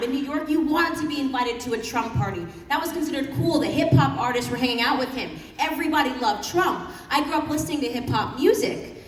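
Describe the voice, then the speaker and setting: A woman giving an impassioned political speech at a youth summit, fiery and mocking, building to emphatic peaks. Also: high-pitched. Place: large conference hall. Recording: echoey hall, heard from a distance, audience noise.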